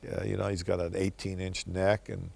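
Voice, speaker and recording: A man's voice: low-pitched, little pitch movement, normal speed, vocal fry, a little mellow. An older man, a film director, telling wry, reflective stories in answer to interview questions.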